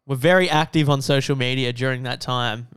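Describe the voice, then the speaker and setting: Aussie male co-host, hesitant, very smooth, close and dry. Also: mid-range voice, fairly even intonation, brisk, a bit bright, no room sound. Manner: hesitant, thoughtful. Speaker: podcast co-host. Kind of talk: casual chat.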